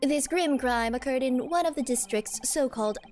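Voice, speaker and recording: A woman's voice: sits high, normal speed, a little mellow, soft background music, voice pushed up, lightly acted. A woman voicing a haughty, formal male prosecutor in a game, with stiff, pompous courtroom diction.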